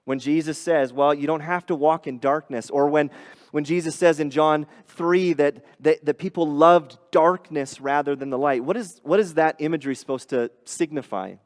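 A man's voice: on the high side, steady tone, moderate pace, long reverb tail. A man preaching a sermon as pastor, earnest and explanatory, often restarting phrases and rising on emphatic points.

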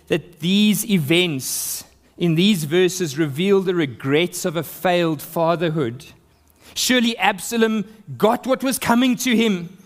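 High-voiced man preaching a sermon. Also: a bit bright. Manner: expository preaching, reads scripture aloud with rising emphasis.

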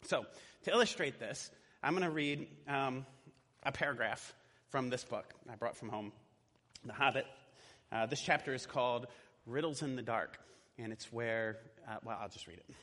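A man's voice: medium pitch, moderate pace, pauses often, pushed and bright. A man preaching a sermon in a church in a conversational way, with casual fillers. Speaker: pastor. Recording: echoey hall.

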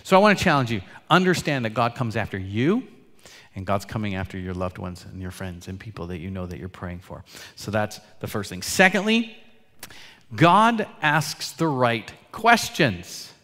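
A man preaching a sermon as pastor, earnest, swinging between loud emphatic lines and quiet, soft asides. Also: on the low side, animated, moderate pace. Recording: long hall reverb.

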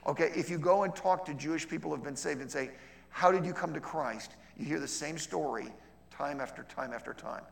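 Slightly high, gravelly-voiced man teaching in a hall. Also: fairly quick. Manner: conversational, checks in with frequent "okay?"; acts out dialogue with lively shifts in voice. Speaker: missionary teacher. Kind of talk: teaching session on outreach. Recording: long reverb of a large hall.

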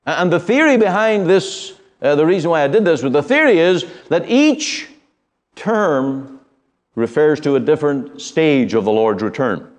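A middle-aged man from the United Kingdom teaching a Bible study, speaking in an earnest, measured way with frequent pauses and fillers. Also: a little high, big pitch swings.

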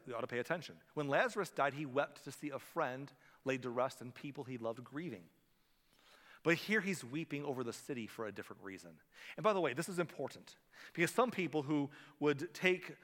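A man's voice: medium pitch, fairly bright tone, long reverb tail. A man preaching a sermon in a conversational way, often restarting and repeating words as he goes. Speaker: pastor.

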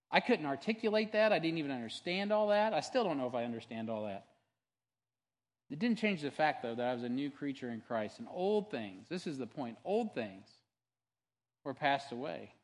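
A male pastor preaching a sermon in a conversational, storytelling way, earnest and animated, often restarting and adding asides. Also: mid-range voice, normal speed, long reverb tail. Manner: earnest and animated when testifying.

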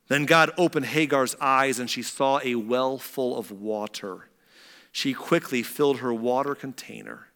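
A man preaching a sermon, retelling a scripture story and swinging between animated, louder passages and hushed, quiet ones. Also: medium pitch, big-room sound.

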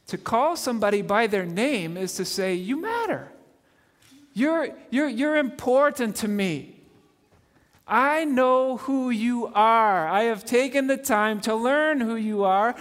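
A high-voiced man preaches with earnest feeling, his voice swelling and then dropping low. He keeps asking his listeners questions. A long reverb trails after his words in a large hall. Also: a bit bright. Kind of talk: sermon.

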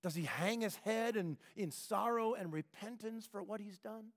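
A man's voice: sits high, moderate pace, big-room sound. A man preaching a conversational sermon, asking rhetorical questions and acting out quoted speech.

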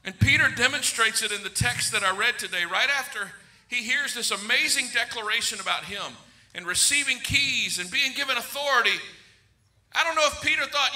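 A middle-aged man preaches in a large church sanctuary, his voice high and piercingly bright. He drives each point home with emphasis and drops in humor to get the congregation laughing. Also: animated, fairly quick. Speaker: pastor. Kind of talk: sermon.

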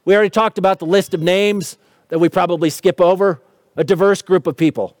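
A pastor with a high, light voice gives a teaching sermon, explaining scripture at a fairly quick pace with fairly even intonation and posing rhetorical questions. Light touches of humor come through, and the sound is dry and close with little room echo.

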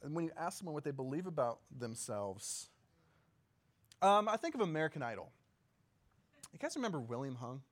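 A man's voice: fairly high pitch, very animated, brisk, pauses often. Chatty man preaching a sermon. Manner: conversational, often checks in with the audience with questions; laughs easily and jokes. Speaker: pastor. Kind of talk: casual sermon teaching.

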